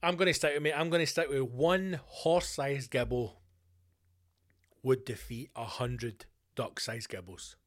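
A Scottish man talks alone into his podcast mic, answering listener questions in a loose, rambling way. He gets animated when he spins out a scenario, and he swears freely. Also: mid-range voice, a little slow. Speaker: podcast host.

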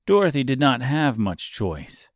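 Reading an audiobook, this medium-pitched man keeps his storytelling steady and measured. The studio-quality recording is dry.

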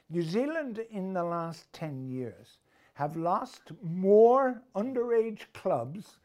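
A man's voice: high voice, a little mellow. An older man giving emphatic, opinionated rugby commentary in a casual discussion, full of rhetorical questions. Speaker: rugby pundit.

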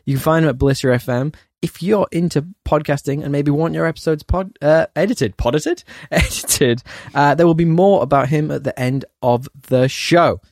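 A man co-hosting a casual podcast, talking quickly and animatedly and laughing often. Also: on the high side, a little mellow, dry recording, clean studio sound. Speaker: podcast co-host.

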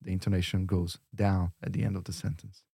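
A man teaching on a lesson podcast, modelling words slowly and patiently. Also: low-pitched, level tone, warm tone, husky, no echo, clean studio sound. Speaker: language teacher.

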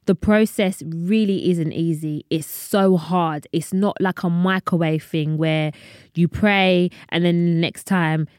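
A woman's voice: on the low side, a little mellow, no echo, studio quality. A young woman hosting a faith podcast, chatty and earnest, often wandering off topic. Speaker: podcast host. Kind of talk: personal faith talk to listeners.

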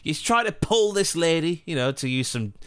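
A man, co-hosting a casual football podcast and telling stories with animated energy and frequent laughs. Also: fairly high pitch, normal speed, smooth, no room sound, studio quality. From northeast England. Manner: animated, laughs often, storytelling. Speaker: podcast co-host.

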